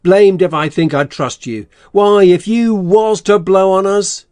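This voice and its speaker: An actor playing a scheming, bossy swindler in an audiobook, blustering and threatening. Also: male voice, high voice, unhurried, darkish tone, no echo, clean studio sound, soft background music. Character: scheming middle-aged male swindler, gruff and bossy. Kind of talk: audiobook character reading.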